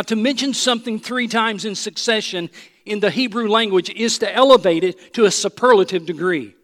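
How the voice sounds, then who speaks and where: A man preaching from the pulpit with a high-pitched voice. He is emphatic, rising to ringing proclamations and dropping low and close for the personal asides. A long reverb hangs around his words, as in a large church. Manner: emphatic, swings from loud proclamation to soft intimate asides. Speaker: pastor. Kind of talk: sermon.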